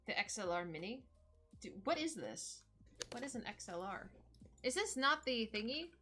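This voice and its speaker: Woman in her thirties, streamer, bubbly and chatty, bright tone, bouncy pitch, faint music behind. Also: big pitch swings, moderate pace. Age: 30s. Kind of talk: casual live-stream chat, opening gifts.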